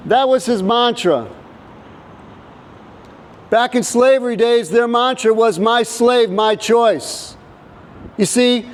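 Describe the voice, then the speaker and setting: A man preaching in the open air to passers-by in a loud, insistent, declaiming way. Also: sits high, slight background noise, poor audio. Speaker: street activist. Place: outdoors by a government building.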